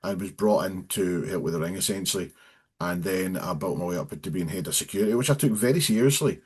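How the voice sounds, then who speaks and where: A man's voice: low voice, quick pace, slightly rough. Blunt, sweary Scottish man. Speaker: guest, professional wrestler. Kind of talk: casual chat.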